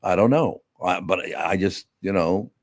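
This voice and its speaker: A lower-pitched man hosting a casual talk show, gruff and opinionated as he riffs with his co-host. Now and then he reads a news item aloud. The studio mic sounds close and dry. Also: moderate pace, no room sound. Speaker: radio podcast host.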